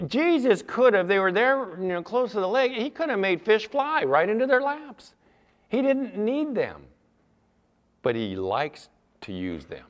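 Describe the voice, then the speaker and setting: A middle-aged man preaching a sermon, telling stories in a conversational way with asides to the congregation. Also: on the high side. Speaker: pastor. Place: church sanctuary. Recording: long hall reverb.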